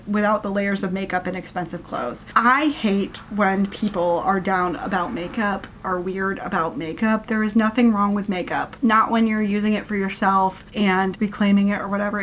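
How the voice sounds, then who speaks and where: A woman's voice: mid-range voice, a little hiss or hum. A woman giving a ranting book review, reading passages aloud and cutting in with sarcastic, exasperated asides.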